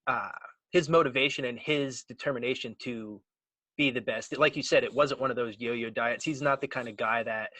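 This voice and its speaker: A man's voice: medium pitch, normal speed, pushed and bright, no room sound, poor audio. Man hosting, dry close sound. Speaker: interview host. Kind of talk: casual interview.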